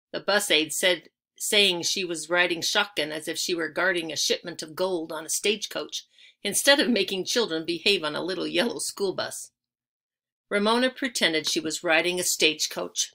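A woman's voice: on the low side, normal speed, pushed and bright. A woman reading a children's chapter book aloud, telling it expressively and lingering on key words. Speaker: audiobook reader.

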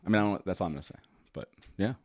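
A man's voice: low voice, very fast, husky, no echo, studio quality. A man hosting a casual live talk show, rambling and correcting himself with a chuckle. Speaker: host.

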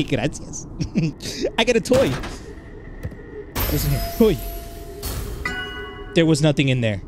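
A man with a Mexican accent doing comedic, crude gameplay commentary and often yelling. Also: fairly high pitch, big pitch swings, slow, long pauses, over music. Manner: loud, crude, joking, yells in bursts. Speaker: gaming YouTuber.

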